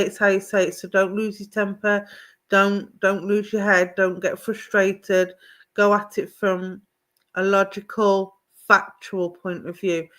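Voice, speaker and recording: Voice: medium pitch, sharp tone. A psychic medium giving a live reading, speaking reassuringly and calling the listener pet names like darling and lovely.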